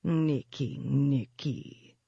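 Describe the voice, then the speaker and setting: A cultured demon in gentleman's dress, all silky congeniality and slow menace, done by an audiobook narrator. The delivery is unhurried and taunting. The recording is dry and a little dull. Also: mid-range voice, animated, no echo. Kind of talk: audiobook character voice.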